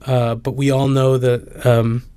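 A man's voice: mid-range voice, level tone, a little slow, warm tone, smooth, no echo. A man, a book author, answering interview questions thoughtfully with many fillers and restarts.

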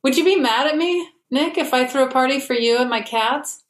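A woman hosting a comedy advice podcast from home over a video call, reading listener letters in a dry, deadpan way. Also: high voice, fairly quick, echoey room. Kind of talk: casual comedic chat.

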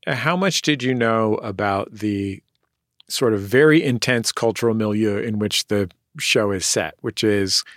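A man hosting a radio interview show, asking questions in a measured, thoughtful way. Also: on the low side, fairly bright tone, no room sound, studio quality.

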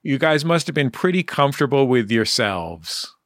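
A male host interviewing a musician, keen and lively, humming out horn phrases as he talks. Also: mid-range voice, normal speed, no echo, clean studio sound. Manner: enthusiastic, hums out the music. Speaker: radio host. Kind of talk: interview hosting.

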